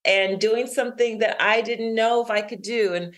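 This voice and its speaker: A middle-aged author on an interview, her voice a little high, tells a story from her own life in conversation. Lively and quick to laugh, she keeps things upbeat.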